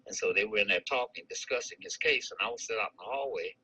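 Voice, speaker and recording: A man's voice: fairly low pitch, fast, bright, forceful tone, husky, low-quality recording. A man in his eighties from St. Louis, recalling his army days in a life-story interview, rambling with many restarts and chuckles. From St. Louis, United States. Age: 80s.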